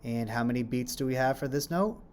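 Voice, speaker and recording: Teaching kids about rhythms, a man speaks briskly in a mid-range, darkish voice over slight background noise. He patiently explains, poses questions before answering them, and claps along as he chants rhythm syllables.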